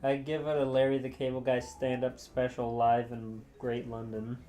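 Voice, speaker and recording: A man co-hosting a comedy podcast with wry, deadpan remarks. It is casual banter with faint music in the background. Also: medium pitch, moderate pace. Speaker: podcast co-host.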